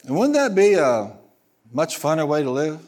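A man pastor delivers a sermon in a fairly high voice. He tells stories with a chuckle and draws the congregation into call and response. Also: sing-song, normal speed, darkish tone. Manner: calls for congregation responses, storytelling with laughter.

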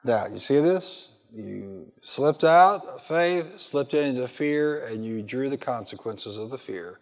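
A man's voice: mid-range voice, expressive, takes it slowly. A male pastor preaching a sermon, reading scripture and pressing the congregation with fill-in questions. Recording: long hall reverb.

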